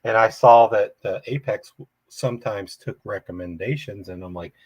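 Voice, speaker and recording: A man's voice: fairly low pitch, moderate pace, breathy edge, dry recording. A man hosting a casual live chat from home, rambling and chuckling often. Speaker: livestream host.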